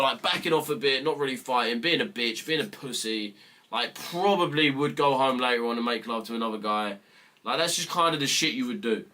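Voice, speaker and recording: A young British man hosts a live trading stream and talks straight to his viewers. He rants in a blunt, profane, mock-serious way, and his voice stays bright and forceful throughout. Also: on the high side. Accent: British English. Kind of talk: casual livestream chat with viewers.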